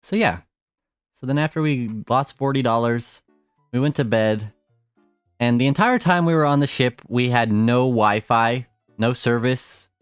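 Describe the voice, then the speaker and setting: A man's voice: medium pitch, a little slow, clean tone, no room sound, faint music behind. A young man chatting casually on a live stream, rambling through stories and laughing often.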